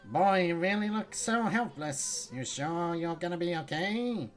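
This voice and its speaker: A woman's voice: fairly low pitch, animated, measured pace, soft background music, voice pushed up. A woman voicing a brash, chatty little male sidekick from a game, reading the on-screen lines aloud in a perky put-on voice. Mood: teasing.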